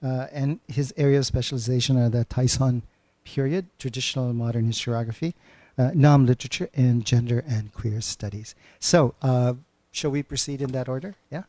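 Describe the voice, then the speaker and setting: A man's voice: mid-range voice, a little fast, mellow, no echo. A man hosting a literary reading, introducing the guests with frequent hesitant filler sounds. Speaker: event host introducing readers.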